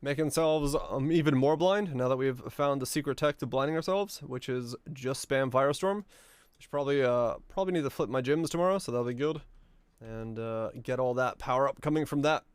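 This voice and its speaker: A man with a hoarse, raspy voice chatting offhandedly and joking while streaming a game. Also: mid-range voice, brisk, no room sound. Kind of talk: casual gaming stream chat.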